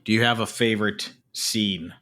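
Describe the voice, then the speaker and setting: Easygoing guy cohost, lots of "you know", bright sharp voice. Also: on the low side, steady tone. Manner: easygoing, halting, filler-heavy. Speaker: podcast co-host. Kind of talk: casual chat.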